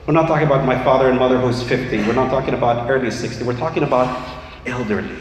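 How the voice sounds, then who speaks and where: A man giving an impassioned sermon as imam, building up to shouts at times. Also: mid-range voice, racing, a little hiss or hum. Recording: echoey hall, faint ambience.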